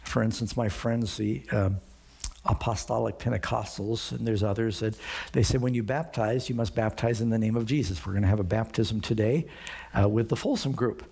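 A man's voice: on the low side, steady tone, moderate pace, vocal fry, darkish tone, slightly rough. A man preaching a sermon in a conversational way, often asking the congregation rhetorical questions. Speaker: pastor.

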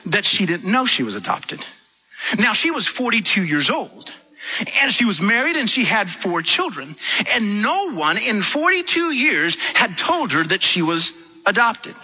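A male pastor telling a story in a sermon, animated and often repeating words as he starts sentences, on a dull lo-fi recording. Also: sits high, unhurried, slightly rough.

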